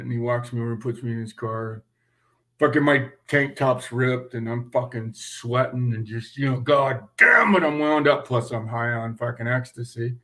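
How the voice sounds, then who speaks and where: A man's voice: medium pitch, moderate pace, bright, forceful tone. A man, telling a profane story in a casual interview and acting out the quoted voices.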